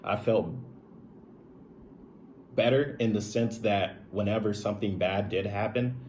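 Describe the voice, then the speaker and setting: A young man with a lowish voice talks straight to his audience, candid and confiding. His story rambles, padded with "like" and checking in with "right?". It is loose, unscripted vlog storytelling. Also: unhurried, darkish tone, slight background noise. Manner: rambling, heavy use of "like" and "right?". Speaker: streamer and video creator. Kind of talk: casual personal storytelling to camera.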